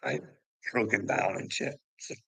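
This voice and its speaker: A man's voice: measured pace, bright, forceful tone, dry recording, rough recording. A man telling a personal story to camera in a rambling, profane way, often laughing as he goes. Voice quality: gravelly. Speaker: vlogger.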